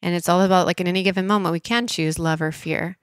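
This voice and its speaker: A woman's voice: fairly low pitch, fairly even intonation, fast talker, smooth, no room sound, clean studio sound. Emotional woman telling a personal story. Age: 30s. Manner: emotional, frequent "like" fillers, soft hushed inner voice at times. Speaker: podcast guest.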